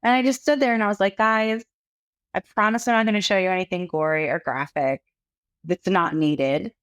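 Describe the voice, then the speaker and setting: With a mid-range voice at normal speed, this women's health founder from South Texas chats casually in an interview. She spins lively stories, performing quotes and frequently breaking into laughter.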